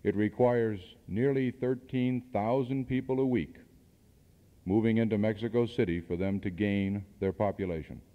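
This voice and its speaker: Addressing a seminar, a man speaks in a lowish voice at a moderate pace, using rhetorical questions and the odd dry aside to press his case. Worn cassette tape leaves the sound muffled and lo-fi, and a long reverb echoes through the hall.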